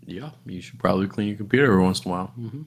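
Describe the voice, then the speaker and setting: A woman's voice: extremely low pitch, very fast, darkish tone, breathy edge. A woman co-hosting a casual podcast, teasing, blunt and sarcastic, with casual swearing. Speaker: podcast co-host.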